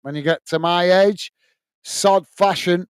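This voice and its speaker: A man's voice: high voice, takes it slowly, clear, resonant tone, no room sound. A middle-aged man with a Northern English accent, hosting a football watch-along, calling the match and reading out viewer messages in a blunt, chatty way. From north of England. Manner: chatty, blunt, laughs easily, says mate a lot.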